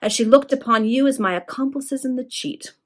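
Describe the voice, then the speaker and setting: A woman reading the part of an ironic young gentleman who talks in a smooth, quietly mocking way. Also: high-pitched, brisk, voice pushed up, natural voice. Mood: polite irony.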